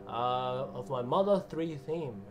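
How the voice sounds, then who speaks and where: A man's voice: mid-range voice, expressive, slow pace. A man hosting a casual piano livestream, chatting loosely, reading out viewer names and laughing often. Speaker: livestream host and pianist.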